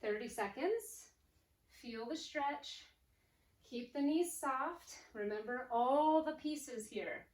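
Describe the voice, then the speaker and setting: Her high voice moves at a slow pace as this woman fitness instructor works out at home, upbeat and a bit breathless while counting down reps and giving form cues. The recording picks up room echo, faint noise, and a far-off mic.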